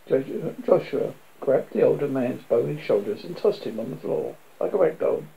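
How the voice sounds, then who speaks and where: A man narrating a dramatic story in a steady storytelling manner. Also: medium pitch, moderate pace, creaky, hardly any pauses, low-quality recording. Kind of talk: scripted audiobook narration.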